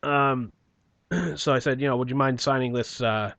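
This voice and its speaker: A man telling a personal story on a casual podcast, rambling and profane, often clearing his throat and trailing off quietly. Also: medium pitch, moderate pace, no room sound.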